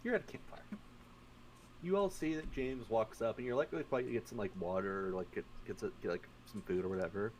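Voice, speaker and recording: A man running a tabletop game as game master, narrating casually and with lots of swearing, jumping into loud voices for the players' characters. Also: lowish voice, quick pace, slight background noise. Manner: profane, laughing, acts out players' lines in bursts.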